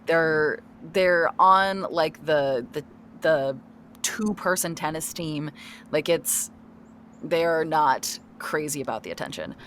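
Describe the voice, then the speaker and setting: A woman's voice: low-pitched, slow pace, a bit bright, slight background noise. A woman running a tabletop role-playing game as game master, narrating in a rambling way with lots of fillers and restarts. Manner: rambling with many fillers and restarts, searching for words.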